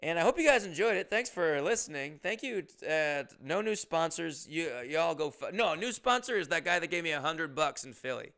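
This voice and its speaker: A young male comedian hosting his podcast. He rambles through a story, often breaking off mid-sentence, and swears freely. His voice is bright, smooth and a little high. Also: animated, a little fast, few pauses. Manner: rambling, profane, self-interrupting.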